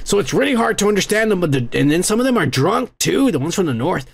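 Gravel-voiced young American host, rants fast and swears a lot, pitch a little high. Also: male voice. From United States. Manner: profane, rambling, excitable. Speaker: podcast host. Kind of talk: profane comedic rant.

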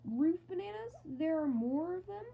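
A woman's voice: very high voice, lively intonation, moderate pace, vocal fry, a little hiss or hum. A woman doing playful, goofy gameplay commentary with mock outrage and silly asides. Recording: thin phone-like audio.

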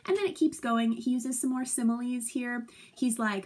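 A woman's voice: a little high, normal speed, a little mellow. A woman teacher giving a casual recorded lesson at home, chatty and playful, acting out quotes with giggles.

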